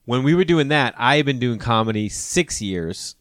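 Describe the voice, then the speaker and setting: A man's voice: mid-range voice, normal speed, no room sound. Man in his 30s or 40s, comic-turned-podcast host, loose conversational delivery, dry mic. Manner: relaxed, rambling, acts out quoted people. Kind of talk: casual conversation.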